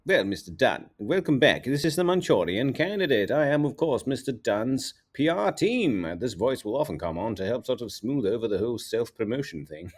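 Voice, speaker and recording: A man voicing a smooth, posh male PR spokesman who talks in a polished, self-deprecating way. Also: medium pitch, very animated, normal speed.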